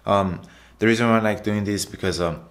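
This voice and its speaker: Talking fast in a lowish voice with fairly even intonation, a man provides a casual vlog voiceover for his workout footage. The fitness vlogger is chatty and repetitive, loosely calling out to viewers and using "guys" often.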